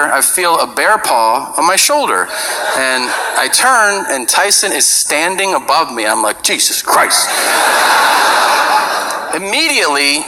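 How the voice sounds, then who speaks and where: A male comedian tells a story on stage, slipping into the voices of the people in it. His pitch sits a bit high and swings widely. Loud noise hangs over the played clip. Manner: animated, acts out both sides of the dialogue. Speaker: stand-up comedian. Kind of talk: stand-up storytelling.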